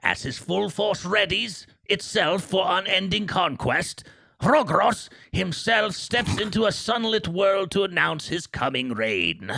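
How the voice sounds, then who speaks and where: A man putting on an old man's voice to read dark fantasy lore slowly and theatrically, straining his voice. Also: sits high, very animated, gravelly, no room sound, pitched above the performer's own voice, heavily acted. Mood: solemn. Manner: strained, slow, theatrical delivery. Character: ancient rambling old man reading demon lore.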